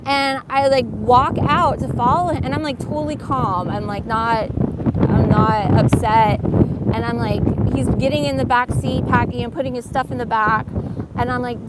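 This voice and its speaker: A woman's voice: a little high, steady tone, normal speed. A woman telling a rambling personal story in a casual, filler-heavy way. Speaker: vlogger. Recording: loud wind noise on mic.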